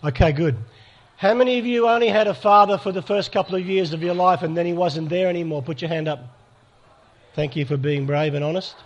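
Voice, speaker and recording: A man, his voice sitting a little high, speaks to a gathered audience at a church event. He guides them in a gentle, pastoral way, often asking for a show of hands. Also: muffled recording. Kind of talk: live workshop talk to an audience.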